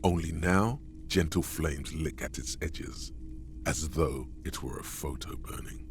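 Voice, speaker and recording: Grave game narrator; extremely deep, slow and poetic, with faint noise underneath. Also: male voice. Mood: solemn. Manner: slow, weighty, poetic delivery. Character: solemn older male game narrator, grave and knowing. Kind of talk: scripted dramatic narration.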